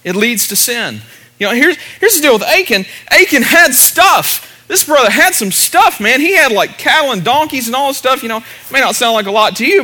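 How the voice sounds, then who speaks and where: Chatty high-voiced male preacher. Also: sharp tone. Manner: chatty, lots of "you know" fillers. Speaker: pastor. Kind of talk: casual sermon.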